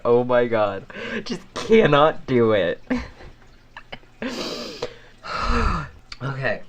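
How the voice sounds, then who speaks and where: Slow, rambling podcast host who laughs a lot. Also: medium pitch, fairly bright tone. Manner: frequent fillers and restarts. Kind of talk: casual solo chat.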